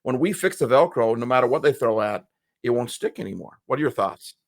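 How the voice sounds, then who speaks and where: A man's voice: mid-range voice, expressive, a little fast. A man co-hosting a casual chat who speaks at school assemblies, telling motivational stories and acting out the people in them. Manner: motivational storytelling, acts out quoted people.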